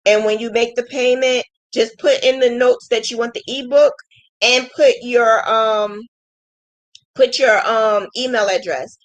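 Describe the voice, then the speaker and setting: A woman's voice: a little high, steady tone, measured pace, poor audio. A woman hosting a casual crochet livestream, thanking viewers emotionally and laughing often. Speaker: crochet channel host.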